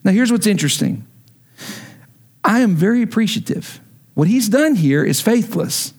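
A man's voice: high-pitched, sing-song, moderate pace, a little mellow. A man, a pastor, preaching a sermon in a conversational, emphatic manner.

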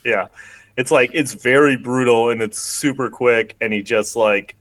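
A man with a middle-pitched voice recapping a film on a podcast, rambling and filling every pause with "like". The sound is dry and close. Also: steady tone, a bit bright, no room sound. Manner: rambling, heavy on "like", quick bursts. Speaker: podcast host. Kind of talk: casual chat recapping a film.

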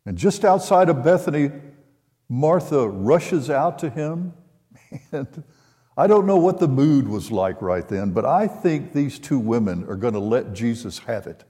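An older man preaching a sermon, retelling a scripture story in an unhurried way and voicing the quoted lines. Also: mid-range voice, very animated, warm tone. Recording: long hall reverb.

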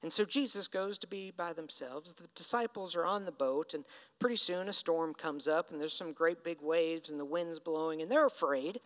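A man's voice: on the high side, moderate pace, a bit bright. A man preaching a sermon in a conversational storytelling way, acting out the lines he quotes. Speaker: pastor. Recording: reverberant hall.

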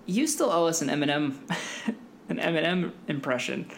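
A man's voice: a little high, animated, normal speed, gravelly, slight background noise. Easygoing young man who laughs often. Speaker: podcast co-host. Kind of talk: casual podcast chat.

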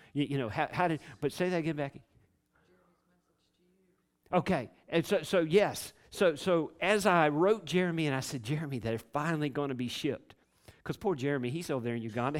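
Rambling pastor, higher voice. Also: male voice. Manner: rambling, repetitive, with many restarts. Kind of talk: sermon storytelling.

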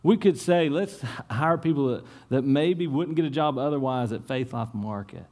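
A man preaching a sermon in church, telling stories with lively swings and dropping to a hushed tone for prayer. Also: mid-range voice, normal speed. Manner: animated storytelling, repeats words, drops to a hushed tone in prayer. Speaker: pastor.

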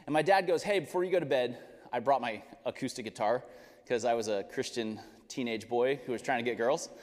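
A man preaching a sermon, telling a family story with lively laughter. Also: medium pitch, a little fast. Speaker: pastor. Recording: long reverb of a large hall.

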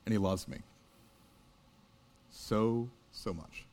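A man's voice: on the low side, slow pace. A man in his thirties, a pastor, telling a story in a sermon in an earnest, conversational way. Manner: earnest, conversational, builds to loud animated peaks.

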